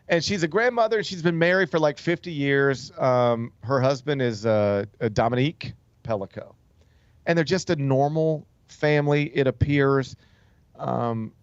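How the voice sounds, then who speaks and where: A man's voice: mid-range voice, smooth, no echo, highs cut off. A male talk show host telling a story in a casual, rambling way, with many fillers and restarts. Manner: loose, rambling delivery full of "like" and "um", with frequent restarts. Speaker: sports radio host.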